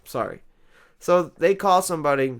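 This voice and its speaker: A man hosting a comedy vlog, ranting in a rambling, exasperated monologue that swings between loud outbursts and quiet asides. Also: on the high side, normal speed, smooth.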